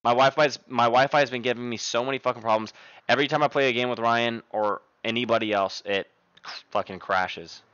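A man's voice: medium pitch, steady tone, a little fast, a bit bright, smooth, dry recording, lo-fi sound. A young man live-streaming from his desk at home, chatting casually and profanely into a desk microphone and rattling off thanks to viewers by name.

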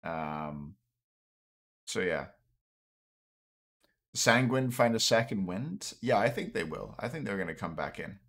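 Taking it slowly with long pauses, a young man streams and casts late at night, slightly tipsy, meandering and drifting off, then starting his sentences over. His voice is lowish and a bit bright, with big swings in pitch.

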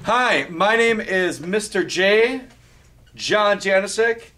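A man's voice: high-pitched, lively intonation, slow, sharp tone, soft background music. A man who is a teacher, joking playfully with his class in a casual classroom video. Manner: playful, teasing. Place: school classroom. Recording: noisy classroom recording.

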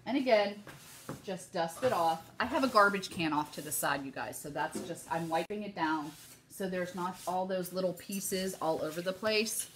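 A woman's voice: on the low side, normal speed, a bit bright, slight background noise. A middle-aged woman chatting casually through a live home craft tutorial, often calling viewers "you guys". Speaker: craft demonstrator.

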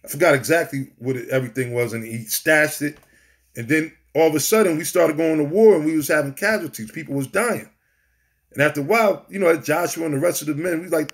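A man delivers a raw street sermon. His voice sits a bit high for a man, and he talks bluntly and profanely, full of defiance between scripture quotes. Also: brisk. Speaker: street preacher.

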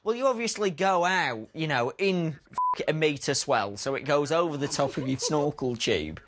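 A man's voice: on the high side, lively intonation, normal speed, background noise. A man chatting casually and cheekily with his sister while watching TV, swearing and laughing often. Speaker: TV viewer commenting.

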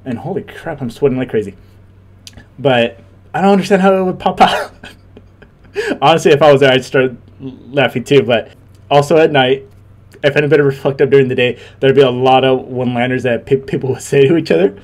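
A man's voice: mid-range voice, fairly quick. A young man and former Marine giving casual reaction commentary, laughing often and rambling with many restarts.

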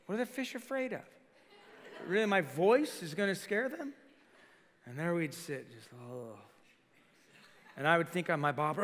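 A male senior pastor preaching a lively sermon to a congregation, acting out quoted voices and putting questions to the crowd. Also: high-pitched, measured pace, long pauses. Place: church sanctuary. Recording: live sermon in a reverberant church hall.

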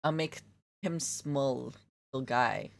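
A woman's voice: rumbling low, slow, gravelly. A young woman live-streaming as she draws, chatting playfully with her viewers and giggling often. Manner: playful, giggly, talks to chat. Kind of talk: casual live-stream chat while drawing.

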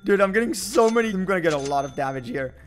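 Young male game commentator, high voice, boastful bursts, hyped delivery. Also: fast talker. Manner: energetic, boastful, swings between shouting and muttering. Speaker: gaming video host. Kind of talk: excited gameplay commentary.

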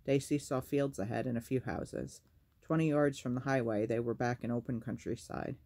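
A man reads a novel aloud as a storyteller, keeping a measured and even pace. His voice is dark and mellow, with a gravelly, low-register texture.

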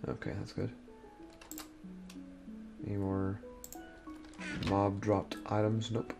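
A man's voice: fairly low pitch, completely flat delivery, slow pace, gravelly, over music. A young man giving casual gameplay commentary, muttering to himself as he sorts items and explores, sounding sleepy and yawning. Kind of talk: casual let's-play commentary.

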